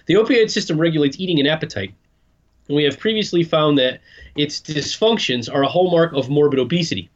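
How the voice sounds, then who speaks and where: Casting: wry male co-host reading news, slightly raised pitch, muffled lo-fi audio. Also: a little fast. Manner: dry, wry, reads articles with comments. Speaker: podcast co-host. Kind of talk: casual news chat.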